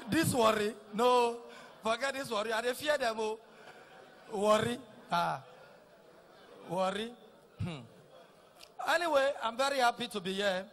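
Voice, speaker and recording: A middle-aged Nigerian man with a Nigerian Pidgin accent, doing a teasing stand-up routine that repeats lines and shouts punchlines. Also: very high voice, slow pace, pauses often. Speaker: stand-up comedian. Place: live comedy stage.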